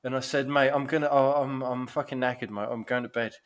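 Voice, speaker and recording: A man's voice: medium pitch, fairly even intonation, fairly quick. Sweary man telling uni stories. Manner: sweary, laughs through his stories. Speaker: podcast co-host. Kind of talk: casual banter.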